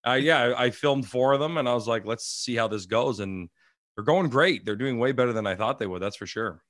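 A man's voice: medium pitch, brisk, a bit bright, no echo, clean studio sound. A male comedian guest calling in, telling stories in a laid-back way with lots of fillers. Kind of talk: casual interview chat. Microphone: phone line.

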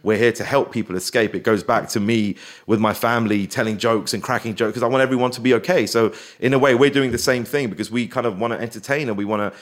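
A man talks freely as an interview guest. His voice sits at an average pitch. He is animated and keeps breaking into quick impressions and put-on voices. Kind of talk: casual interview chat.

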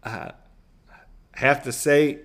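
A man's voice: mid-range voice, fairly even intonation, extremely slow, a bit bright. A man co-hosting a podcast, talking casually with lots of uh fillers and joking around. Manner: jokey, laughs often, filler-heavy. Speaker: podcast co-host.

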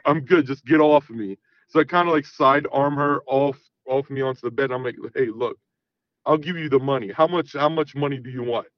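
A man's voice: mid-range voice, a little fast, no echo, lo-fi sound. A man in his thirties telling a long personal story in casual chat, rambling and often saying "you know what I mean". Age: 30s. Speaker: guest.

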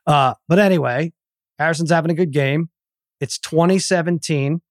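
A man's voice: on the high side, moderate pace, dry recording, clean studio sound. A middle-aged man telling a story in casual podcast chat, stammering and acting out the people he quotes. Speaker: podcast guest.

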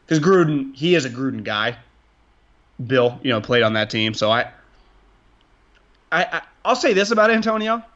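A man's voice: medium pitch, sing-song, normal speed, long pauses, a bit bright, muffled recording. A man hosting a casual sports podcast, rambling and restarting his sentences, with frequent swearing. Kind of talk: casual sports talk with profanity.

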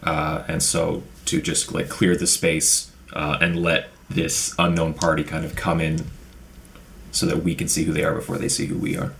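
Deep, gravelly, flat-voiced player. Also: male voice, normal speed. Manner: laid-back, says what his character does. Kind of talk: casual tabletop play.

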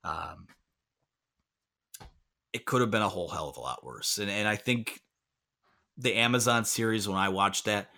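A man with a slightly low, bright, forceful voice hosts a casual sports talk podcast. He rambles and corrects himself, tossing in joking asides as he talks over a remote call. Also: moderate pace, pauses often. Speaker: podcast host.

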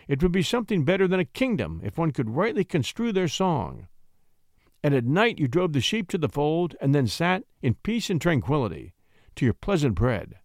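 A man's voice: fairly high pitch, no room sound, studio quality, voice pushed up. A man voicing a melancholy, weary king who muses wistfully. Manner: wistful, lingering musing. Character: melancholy brooding male king, dreamy and weary.

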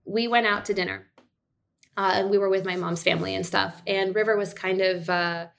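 A woman's voice: mid-range voice, moderate pace, vocal fry. A woman in her thirties, a guest on a podcast, telling a family story in casual chat and acting out the lines she quotes. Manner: animated storyteller, acts out quotes, laughs easily. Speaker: podcast guest, actor and director.

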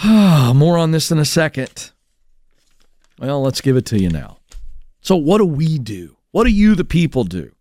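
A male radio host giving fired-up talk show commentary, animated and mocking as he mimics others. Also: a little high, no echo, studio quality.

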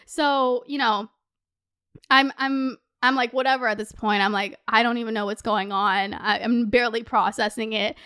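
High-voiced young woman, chatty and profane. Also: moderate pace, smooth. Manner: animated, swears a lot, lots of "like" fillers. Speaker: podcast host. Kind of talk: casual storytime chat.

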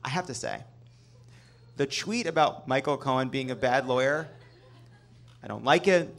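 A man's voice: medium pitch, moderate pace, creaky. A man hosting a live comedy show on stage, delivering a sarcastic news monologue and swearing for emphasis. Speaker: host.

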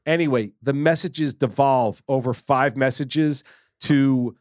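Animated storytelling man, dry close sound. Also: mid-range voice, slow pace, dry recording. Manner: animated, swears, laughs while telling stories. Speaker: podcast host and director. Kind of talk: casual storytelling chat.

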